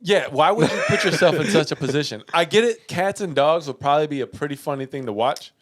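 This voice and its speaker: A man co-hosting a casual podcast, playfully quizzing his friend on slang words, spelling them out slowly and laughing often. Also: fairly high pitch, dry recording, studio quality. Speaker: podcast co-host. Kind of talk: casual chat.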